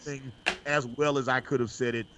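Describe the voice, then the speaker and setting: A man's voice: medium pitch, fairly even intonation, fast, background noise. A man hosting a casual reaction show, talking loosely with many restarts and directing his producer. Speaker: show host. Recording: slightly dull lo-fi audio.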